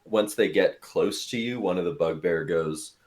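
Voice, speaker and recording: A man's voice: sits low, moderate pace. A man narrating a tabletop game as game master in a casual, loose way. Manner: casual, filler-heavy narration.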